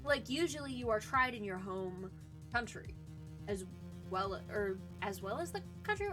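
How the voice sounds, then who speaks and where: A woman's voice: medium pitch, expressive, a little slow. A woman streamer giving casual let's-play commentary, emotional and thinking aloud, swearing now and then. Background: game music.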